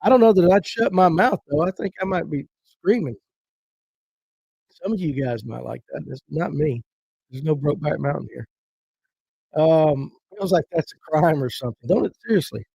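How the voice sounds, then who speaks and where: A man's voice: on the high side, expressive, moderate pace, gravelly, dark tone, breathy edge, no echo, low-quality recording. A man hosting a casual fishing livestream, reading viewer comments aloud and riffing on them in a folksy, joking way. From Georgia. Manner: joking, rambling, folksy banter.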